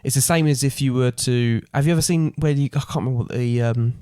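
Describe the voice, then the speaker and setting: A man's voice: mid-range voice, fast talker, mellow, clean tone, dry recording, studio quality. A man co-hosting a casual podcast, explaining ideas at length and thinking aloud. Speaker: podcast co-host. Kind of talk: casual chat.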